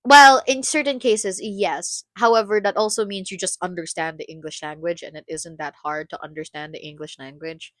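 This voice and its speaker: A young woman from the Philippines with a Filipino accent, ranting in casual chat on a livestream, animated and opinionated. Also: on the low side, moderate pace, few pauses, no echo, studio quality. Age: young adult. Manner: animated, opinionated rant, code-switching.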